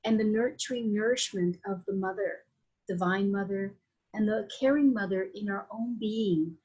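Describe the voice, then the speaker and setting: Speaking at medium pitch and normal speed, a woman with a mellow, husky voice and a Latin American Spanish accent appears as a Vedic astrologer guest on a podcast. The sound is lo-fi, and her reflective, flowing speech has many fillers and restarts.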